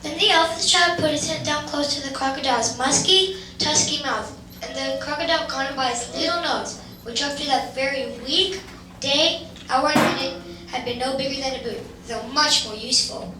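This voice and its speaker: An older woman narrating a children's tale in measured storybook style during an amateur stage musical. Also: sits high, sharp tone. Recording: echoey hall from far off, background noise.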